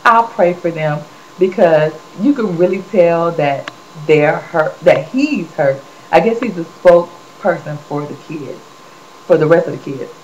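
Lively, low-voiced woman gossiping. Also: unhurried. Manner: animated storyteller, chatty and expressive. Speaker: celebrity gossip vlogger. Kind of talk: casual gossip commentary. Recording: dull lo-fi recording with faint hiss.

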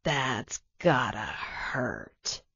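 Menacing hulking male mercenary, put on by a woman narrator: hushed, cold, slow and taunting, in a dull dry audiobook recording. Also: rumbling low, very animated, slightly rough, dry recording, voice pushed down, exaggerated voice.

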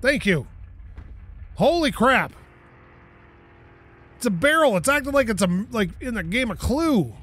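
Excitable man with a lively, high voice. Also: unhurried, pauses often. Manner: excitable, talks to objects in the game, swears and laughs. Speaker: gaming YouTuber. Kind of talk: casual gameplay commentary.

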